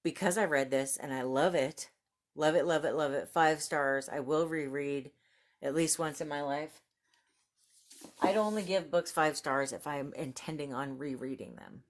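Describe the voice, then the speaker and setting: A book vlogger with a low-pitched voice talks at a moderate pace about new books, reading their blurbs aloud. She's gushing and excitable, laughing often.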